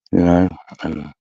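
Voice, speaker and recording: A man's voice: deep voice, gravelly, dark tone, breathy edge, no room sound. A man with an Australian accent in casual chat, telling rambling, profane stories packed with "mate" and "brother". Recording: slightly muffled, dull recording.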